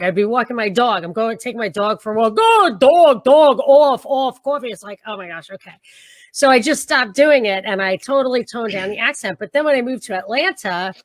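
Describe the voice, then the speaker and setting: A woman's voice: fairly high pitch, no echo. A woman with a Brooklyn New York accent, chatting as a guest and telling stories with a ready laugh over a video call. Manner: animated storyteller, quick laugh. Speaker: podcast guest, radio host. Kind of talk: casual chat.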